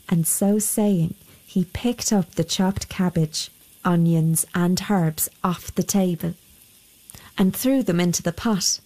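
A woman reading a folk tale aloud in a measured storytelling voice. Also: on the low side, dark tone. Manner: slow and measured.

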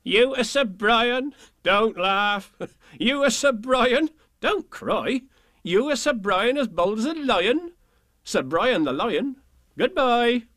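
A man voicing mocking villagers in a storybook poem, speaking high, drawn-out and sarcastic. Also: big pitch swings, no echo, clean studio sound, heavily acted. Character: mocking crowd of villagers, sneering and ironic.

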